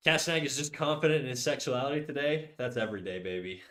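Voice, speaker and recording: A young man talking into a desk microphone at home during a live stream. He rambles, restarts his sentences and jokes crudely with his chat, at a middle pitch. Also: lively intonation, quick pace, sharp tone. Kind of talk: casual livestream chat. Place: home room.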